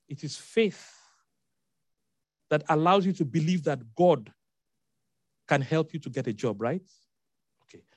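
A man's voice: a little high, a little mellow, no room sound. A man preaching a sermon, emphatic, repeating key phrases and making asides to the congregation.

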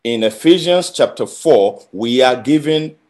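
A man preaching a sermon, emphatic, building phrases through repetition and swinging between loud and quiet. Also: medium pitch, animated, unhurried. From Nigeria. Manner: emphatic, with rising and falling intensity and repeated phrases.

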